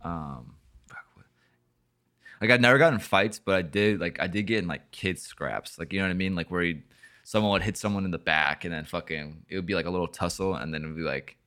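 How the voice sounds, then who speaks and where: A young man with a very low voice tells a story in loose, casual chat. He rambles, swears a lot, and fills gaps with filler words. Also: a little fast, pushed and bright. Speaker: podcast host.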